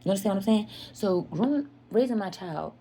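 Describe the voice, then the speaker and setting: A woman's voice: medium pitch, animated, a little fast, dark tone, husky. A woman telling a candid personal story to her viewers in an earnest, confessional way. She repeats herself for emphasis and often speaks to her listeners as "y'all.".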